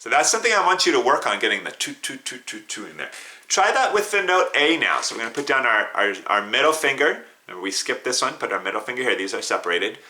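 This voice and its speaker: A man's voice: mid-range voice, sing-song, quick pace, sharp tone. A man teaching a beginner flute lesson, patiently coaching students, counting them in and singing note names and tonguing syllables.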